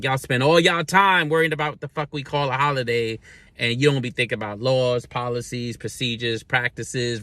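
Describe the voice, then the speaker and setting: A man's voice: mid-range voice, bright, forceful tone, no echo. A man hosting his weekly rant, talking bluntly and sarcastically, with plenty of cursing. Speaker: host of a weekly rant show. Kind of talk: unscripted solo rant.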